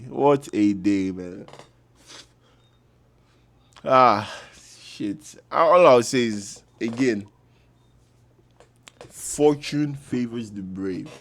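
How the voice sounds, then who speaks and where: A man reacting to a football match as a fan, loud and trash-talking, with bursts of shouting. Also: medium pitch, dry recording.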